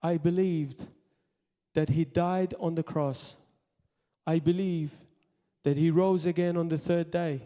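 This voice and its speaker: High-voiced preaching man in a reverberant hall. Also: steady tone, slow pace. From Malta. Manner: impassioned preaching, swinging from loud high bursts to quiet asides. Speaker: pastor. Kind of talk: sermon. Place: church hall.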